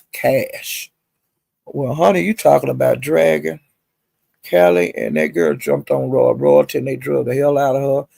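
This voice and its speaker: A man's voice: medium pitch, creaky, no room sound. A man vlogging, telling gossip in a chatty way and calling listeners honey and child. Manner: animated retelling, mimics others' quotes. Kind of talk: gossipy storytelling.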